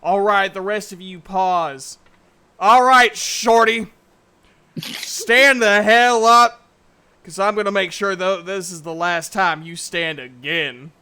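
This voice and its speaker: A man voicing a furious, bullying male bruiser who yells threats at a rival. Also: high voice, slow, clean tone, pitched above the performer's own voice, heavily acted. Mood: enraged. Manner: shouting, bullying.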